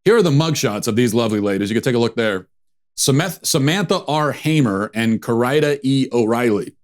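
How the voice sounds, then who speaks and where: A man's voice: medium pitch, animated, brisk. A man hosting a show, giving sarcastic, mocking political commentary. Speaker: host.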